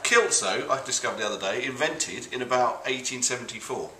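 Wry middle-aged man, bright echoey voice. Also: medium pitch, brisk, slight background noise. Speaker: guest. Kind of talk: casual comedic chat.

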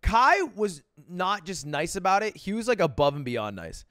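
A man in his twenties talks through a video in loose, rambling reaction commentary. He laughs easily and fills his speech with "like". His voice sits fairly high and swings widely in pitch, and the recording is dry and close. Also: normal speed, no echo. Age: 20s. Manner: animated, laughing, filler-heavy rambling.

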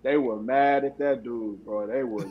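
A man's voice: mid-range voice, fairly even intonation, unhurried, highs cut off. A man in his forties, a former football player, casually telling a story with slang and frequent laughs. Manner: laid-back, laughs often, slangy.

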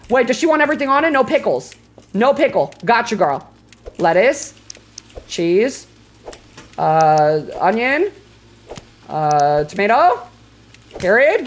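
A woman streaming a cooking game, excitable and foul-mouthed, talking to her chat and flaring into loud exclamations when flustered. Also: mid-range voice, a little slow, long pauses, a little hiss or hum. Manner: excitable, swears a lot, talks to chat. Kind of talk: live gameplay commentary.

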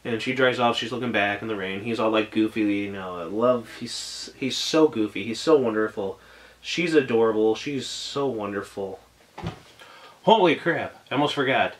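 A man with a lowish voice, speaking at a moderate pace, reviews an anime in a casual video. He gushes and rambles with lots of "like" and "oh my gosh," and at times gets choked up.

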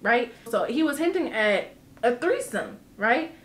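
Animated woman vlogger in a roomy space. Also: a little high, measured pace. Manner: animated, emphatic, swears freely. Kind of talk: casual storytime.

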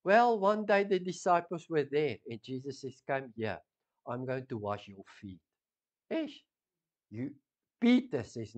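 South African male pastor, unhurried, impassioned sermon delivery with sharp loud-to-hushed swings. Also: medium pitch, big pitch swings, lo-fi sound.

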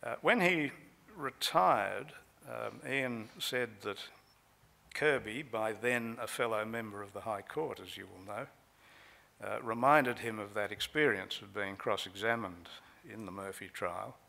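A man speaks at a conference lectern, recounting a trial in a measured way with frequent pauses. His voice sits a little low, with a gravelly edge and a bright, forceful tone. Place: conference hall.

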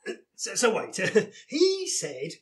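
Brief: man playing a pompous, bumbling inspector for a comedy sketch, high voice that swoops around, stammering bluster. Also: wildly swooping pitch, slow pace, full character voice. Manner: blustering, stammering, chuckling at himself. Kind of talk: live comedy sketch reading.

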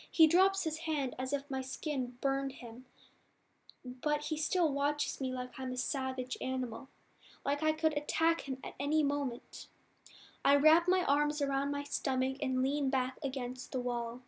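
Slow, high-voiced woman reading a novel. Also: fairly even intonation. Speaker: audiobook reader. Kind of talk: first-person novel reading.

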